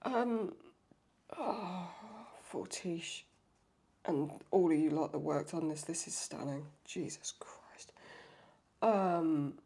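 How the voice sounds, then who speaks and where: A woman's voice: deep voice, takes it slowly, gravelly, dark tone. A young adult woman with a cold, reacting to a TV episode in emotional, exclamatory commentary with frequent swearing. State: sick with a cold. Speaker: reaction video host.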